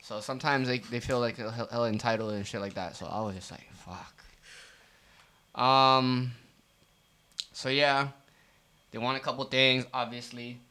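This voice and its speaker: A man co-hosting a podcast, telling a profane, animated story about his restaurant job with lots of fillers. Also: mid-range voice, fast, hardly any pauses. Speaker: podcast co-host. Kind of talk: casual storytelling rant.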